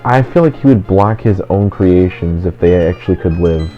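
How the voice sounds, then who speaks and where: A let's play host chats casually while playing a video game, rambling and filling his speech with "like" constantly. His low voice is expressive at a moderate pace, recorded in dull lo-fi with faint game music behind.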